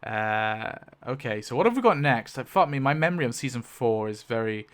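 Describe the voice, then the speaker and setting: A man giving casual, animated commentary as he rewrites a story, thinking aloud, swearing and exclaiming in mock outrage. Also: medium pitch, a little fast. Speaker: YouTube creator.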